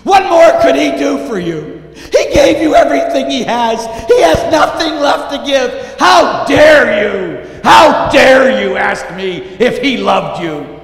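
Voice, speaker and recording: A man voicing Mary, hushed grieving mother. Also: high-pitched, a little slow, some chatter behind, pitched above the performer's own voice. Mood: anguished shouting. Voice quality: hushed soothing whisper, crying out in grief. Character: grieving mother Mary, gentle then anguished. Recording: echoey hall reverb.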